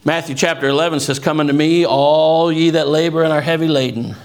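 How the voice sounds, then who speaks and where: A man preaching a fervent sermon and quoting scripture, swinging from low, quiet asides to raised, shouted lines. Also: fairly even intonation, brisk, clean tone. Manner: quotes scripture.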